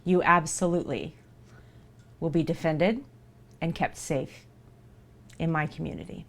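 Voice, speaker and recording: A woman's voice: low voice, unhurried, fairly bright tone. A woman streamer talking live to her viewers in an earnest, reassuring way, repeating herself for emphasis.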